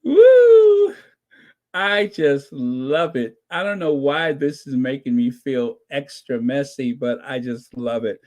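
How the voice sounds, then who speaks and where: A man hosting his own channel, giving excited casual commentary, gleeful and laughing, who repeats his points over and over. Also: medium pitch, a little slow, few pauses. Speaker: channel host reacting to royal news.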